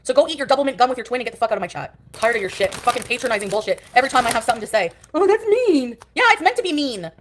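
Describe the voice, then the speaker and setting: A woman's voice: on the high side, racing, hardly any pauses, a little hiss or hum. A woman livestreaming from her couch, ranting angrily and profanely at rivals in a cutting, confrontational tone. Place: at home on a couch.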